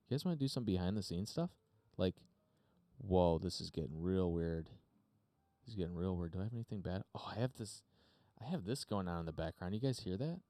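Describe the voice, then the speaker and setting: A man's voice: low-pitched, warm tone, no echo. A man hosting a podcast, chatting unscripted on a live stream from his home studio, rambling with lots of fillers and casual swearing. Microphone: desk mic through a mixer.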